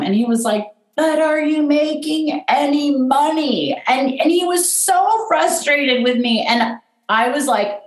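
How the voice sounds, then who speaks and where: A middle-aged woman, a guest who runs an event business, telling her story in a candid, self-deprecating and animated way. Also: mid-range voice. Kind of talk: personal storytelling in conversation. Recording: roomy echo.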